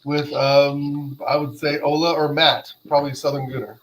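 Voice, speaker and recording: A man's voice: fairly high pitch, little pitch movement, normal speed, noisy background. A laid-back man from Oregon chatting casually on a football podcast. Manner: laid-back, drawling banter.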